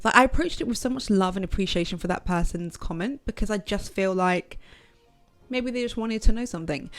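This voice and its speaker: A young adult woman talking frankly and casually in a motivational vlog, animated and not shy of swearing. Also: mid-range voice, no room sound. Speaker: vlogger. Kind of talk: candid motivational vlog talk.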